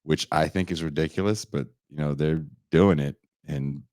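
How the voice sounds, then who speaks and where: A man hosting a podcast, delivering a loud, profane comedic rant that swings into shouting. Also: a bass voice, fairly even intonation, moderate pace, no room sound, studio quality. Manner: loud, swearing, swings into shouting and mock voices. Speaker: podcast host.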